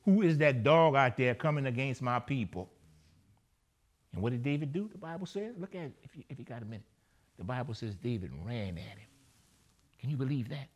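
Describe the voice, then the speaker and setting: A man's voice: medium pitch, expressive, fairly quick. A man preaching a sermon, repeating phrases and checking in with his listeners. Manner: emphatic, repeats phrases and asks the listeners "right?".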